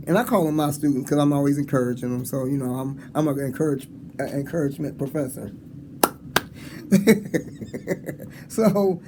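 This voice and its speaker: A high-voiced man around sixty with a mellow, rounded tone, rambling cheerfully through encouraging stories to students. He acts out little conversations as he goes. A faint hiss of background noise sits under his voice. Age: 60s. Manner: rambling, encouraging, animated storytelling with chuckles. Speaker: motivational speaker. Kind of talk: casual motivational talk to students. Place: school hall with an audience.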